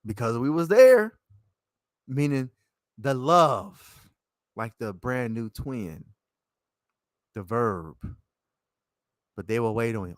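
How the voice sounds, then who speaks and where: A man's voice: medium pitch, expressive, slow, pauses often, no echo. Rambling man with a dry close sound. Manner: rambling, swings between loud and soft. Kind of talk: casual monologue.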